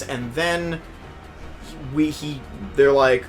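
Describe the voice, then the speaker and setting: A young man telling a story in casual chat, animated and profane, swinging from low mutters to loud outbursts. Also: very slow, soft background music. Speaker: podcast host.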